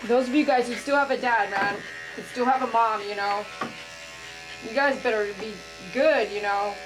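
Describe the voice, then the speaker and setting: A woman's voice: on the high side, moderate pace, noisy background. A woman dog groomer talking casually and with feeling while she works, often saying "man". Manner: emotional, heartfelt, says "man" often. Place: grooming salon.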